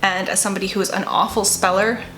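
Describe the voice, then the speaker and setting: A woman's voice: mid-range voice, little pitch movement, fast, sharp tone, reverberant, a little hiss or hum, low-quality recording. Rambling, chatty woman vlogger. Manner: rambling, self-deprecating, laughs often. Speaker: writer and vlogger. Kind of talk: casual chat to camera.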